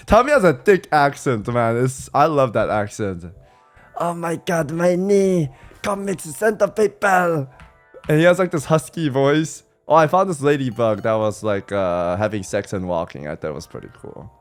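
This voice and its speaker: In this casual storytelling vlog, a young man from California who streams tells trip stories in a mid-range voice at normal speed. He's animated and slangy, swearing occasionally and mimicking his friends' lines. Faint music sits in the background.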